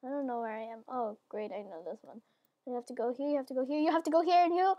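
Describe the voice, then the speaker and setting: A woman with a stuffy nose giving excitable gameplay commentary, swinging from mumbling to loud squeals. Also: high voice, fairly quick, dry recording, clean studio sound. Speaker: gaming channel host.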